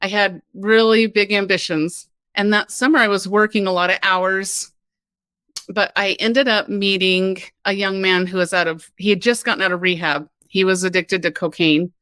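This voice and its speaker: A woman from Kansas, a podcast guest, telling her personal story in a lively, candid way with laughs and frequent "like". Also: medium pitch, moderate pace, smooth, no echo. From Kansas, United States.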